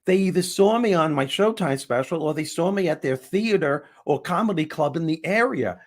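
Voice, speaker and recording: A comedian and motivational speaker telling an animated story in conversation, acting out the other people's lines with shifting voices. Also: male voice, on the high side, normal speed. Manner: acts out dialogue, shifting voice for each person.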